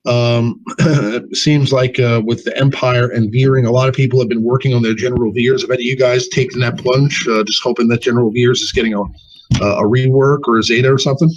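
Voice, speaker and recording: Man, gaming show host, casual chat, halting, restarts words, mid-pitched voice. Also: steady tone, muffled recording, a little hiss or hum.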